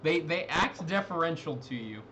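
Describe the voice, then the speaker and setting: Running a tabletop role-playing game, a game master narrates at a moderate pace in a slightly high voice that sounds pushed and bright, with lively intonation. He rambles with many fillers and restarts, and there's a little background noise.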